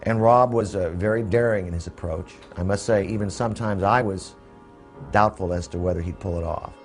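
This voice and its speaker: A man in an interview recalling past decisions in a measured, thoughtful way with some hesitations. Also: sits low, faint music behind. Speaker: interviewee recalling making a film. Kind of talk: reflective interview.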